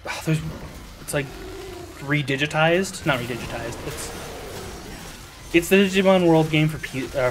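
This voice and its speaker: A slightly higher-voiced American man chats loosely with his viewers while he plays a video game on stream. He rambles and corrects himself mid-thought, and faint game music hums underneath. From United States. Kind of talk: casual gameplay commentary while streaming.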